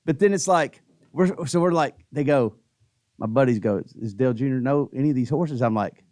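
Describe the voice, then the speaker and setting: A man co-hosting a podcast in casual chat, telling a relaxed story with quoted voices. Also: mid-range voice, brisk, no room sound. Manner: laid-back, tells anecdotes with quoted voices. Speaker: podcast co-host.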